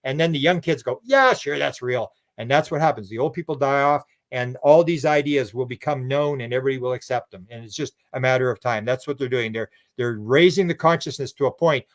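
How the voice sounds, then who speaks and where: A man talking as a radio show guest in a loose, rambling way, often repeating words and restarting sentences. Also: mid-range voice. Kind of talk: casual radio interview talk.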